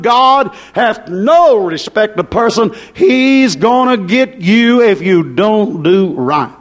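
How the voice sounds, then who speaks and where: A middle-aged man preaching a fiery sermon of warning, repeating his points and swinging up and down in pitch. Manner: warning, repetitive, rises and drops in pitch.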